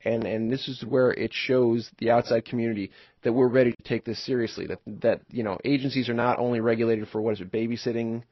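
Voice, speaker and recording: A man's voice: mid-range voice, fairly even intonation, quick pace, breathy edge, no echo. A man hosting a studio radio talk show, chatting in a rambling way with restarts. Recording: slightly dull radio broadcast audio.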